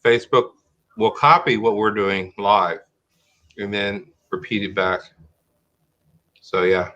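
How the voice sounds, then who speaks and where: Middle-aged guy hosting a live stream, kinda bright sharp tone, rambles and restarts a lot. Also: on the low side, steady tone, slow, lo-fi sound. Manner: rambling, restarts sentences, thinks aloud. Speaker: host of a live-streamed talk show. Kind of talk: casual livestream chat.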